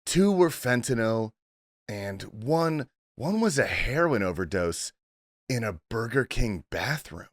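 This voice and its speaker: A man voicing an older Italian Catholic aunt from New Jersey, with a thick New Jersey accent and a slow, heavy delivery. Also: medium pitch, very animated, dry recording, studio quality. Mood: grave, matter-of-fact.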